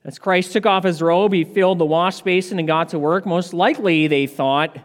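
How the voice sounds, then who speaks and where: A man preaching an earnest expository sermon, slowing down to stress key points. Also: high-pitched, long reverb tail.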